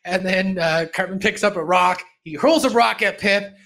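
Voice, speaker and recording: A man hosting a podcast, recapping a cartoon episode in animated, laughing storytelling. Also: high voice, normal speed. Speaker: podcast host.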